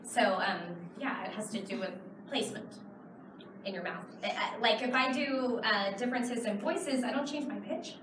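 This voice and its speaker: A woman's voice: a little high, normal speed, recorded from a distance, background noise. Woman talking in a big echoey convention hall. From Texas. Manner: chatty, explains with many fillers. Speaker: convention panel guest. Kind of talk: audience Q and A. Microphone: far camera in the audience.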